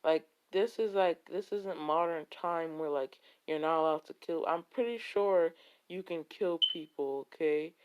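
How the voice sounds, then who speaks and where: A man's voice: on the high side, a little slow, slight background noise. A man telling an improvised fan fiction story, rambling and full of filler words.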